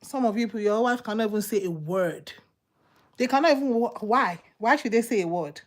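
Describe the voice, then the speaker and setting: A woman delivering a fervent sermon in a fairly high voice. She hammers her points home with repeated rhetorical questions and emphatic, fired-up delivery. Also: normal speed. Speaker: preacher.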